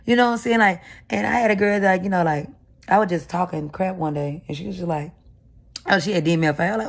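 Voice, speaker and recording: Gravelly low-voiced woman venting on camera. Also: fairly even intonation, fast. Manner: candid, rambling, confessional. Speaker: vlogger. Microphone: camera mic.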